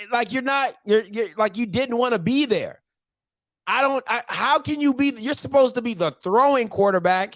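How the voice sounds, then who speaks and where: A man's voice: extremely high pitch, expressive, moderate pace, dry recording, studio quality. A man hosting a casual football recap, ranting and talking straight to his viewers. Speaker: sports show host.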